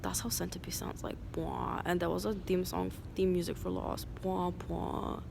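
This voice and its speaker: A woman's voice: lowish voice, level tone, normal speed, gravelly. Casting: woman vlogger, rambling, noisy street background. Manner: rambling, many "like" fillers. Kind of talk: rambling casual monologue.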